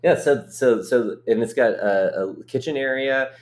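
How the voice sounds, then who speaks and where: A man's voice: mid-range voice, measured pace. A middle-aged man hosting a casual livestream chat from a hotel suite, rambling and joking at his own expense. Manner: chatty, rambling, self-joking. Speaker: host.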